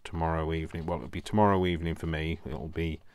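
A craft video host with a Yorkshire accent chats casually while walking through a craft project, talking to himself and making fun of his own work in a self-deprecating way. His voice is a rumbling low, level in tone, at a quick pace.

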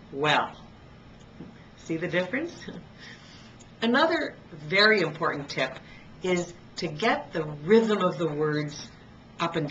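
A middle-aged woman giving a pronunciation lesson on video, speaking clearly and deliberately and slowing down to demonstrate sounds. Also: on the low side, a bit bright, muffled recording, a little hiss or hum. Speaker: pronunciation coach. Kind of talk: instructional video talk.

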